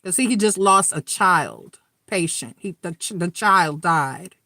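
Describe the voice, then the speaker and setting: A woman's voice: lowish voice, expressive, unhurried, sharp tone, no echo, clean studio sound. A middle-aged woman giving a live tarot reading, talking frankly and earnestly to her viewers and swearing freely. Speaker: tarot reader.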